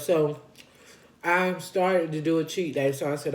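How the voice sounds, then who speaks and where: Slow-talking woman chatting in an echoey room. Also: low voice, fairly even intonation. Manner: chatty and folksy, circles back and repeats points; talks between bites of food. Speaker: vlogger sharing her weight-loss journey. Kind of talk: casual chat while eating on camera.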